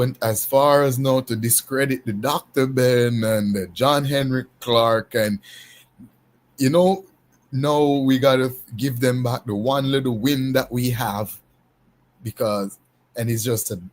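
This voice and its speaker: A man hosting a casual panel discussion, talking in an unhurried, emphatic way with frequent restarts. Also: mid-range voice, steady tone. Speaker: panel host.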